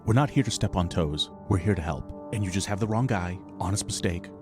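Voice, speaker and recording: A man playing a tabletop game, speaking in character in a persuasive, smooth-talking way. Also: deep voice, brisk, over music. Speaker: player. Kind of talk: in-character tabletop role-play.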